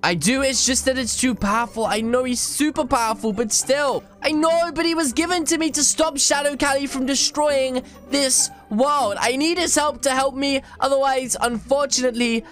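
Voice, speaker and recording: A woman giving dramatic, excitable commentary over her gameplay, with lots of gasps and exclamations. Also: high voice, moderate pace, hardly any pauses. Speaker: gaming YouTuber. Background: faint game music.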